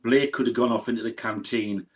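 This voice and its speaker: A man's voice: medium pitch, steady tone, a little fast. A man on a podcast panel giving blunt, opinionated views in casual chat.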